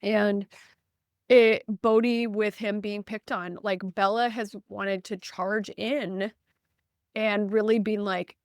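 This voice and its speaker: This is a woman in her thirties talking straight to her podcast listeners. Her voice sits in a middle pitch, and the sound is close and dry. She speaks earnestly and personally, often restarting her sentences. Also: fairly even intonation, slow, no echo. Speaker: podcast host and business coach. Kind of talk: candid solo podcast talk.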